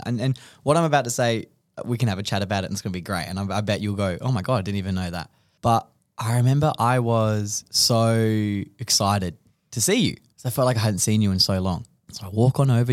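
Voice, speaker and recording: A man's voice: lowish voice, darkish tone, no room sound, clean studio sound. A young man hosting a podcast, telling an emotional story in a rambling way with many restarts. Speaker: podcast host. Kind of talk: casual chat.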